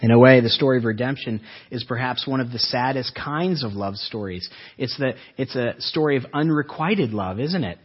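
Male pastor, husky voice, earnest sermon delivery with rhetorical questions, muffled low-fidelity sound. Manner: earnest, asks rhetorical questions, slows for emphasis.

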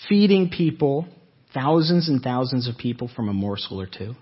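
A man delivers a sermon in a church sanctuary, earnestly putting questions to his listeners. His voice is husky and mid-pitched. The recording is dull and lo-fi. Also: very animated, moderate pace. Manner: earnest, asks the congregation questions. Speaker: pastor.

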